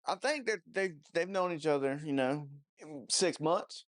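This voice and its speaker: A man's voice: a little high, animated, measured pace, a bit bright. A man giving a casual, rambling movie review, mocking and profane, with lots of "you know" and "I don't know" fillers.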